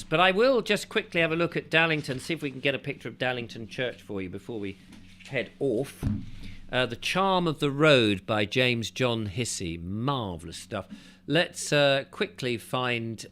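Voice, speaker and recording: Bright-voiced man reading aloud with chatty asides. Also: medium pitch, normal speed. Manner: chatty, breaks off to comment, animated in the read passages. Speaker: audiobook reader and host. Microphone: desk mic with keyboard nearby.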